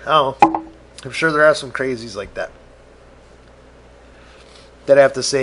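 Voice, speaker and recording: A man's voice: medium pitch, a little slow, a bit bright. A man hosting a podcast, ranting profanely and exasperated, acting out both sides of imagined conversations. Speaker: podcast host. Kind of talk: solo rant podcast.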